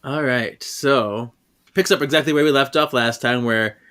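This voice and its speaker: A man hosting a podcast, recapping a comic in a relaxed, casual way with many filler words. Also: mid-range voice, normal speed. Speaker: podcast host.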